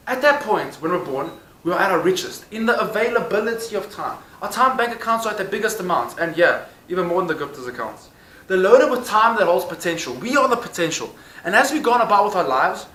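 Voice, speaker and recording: A young man with a South African accent delivers a motivational monologue, his voice pitched high and bright. He moves quickly, dropping little jokes along the way. The room around him has a noticeable echo. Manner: jokey asides, addresses viewers as guys. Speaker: motivational vlogger.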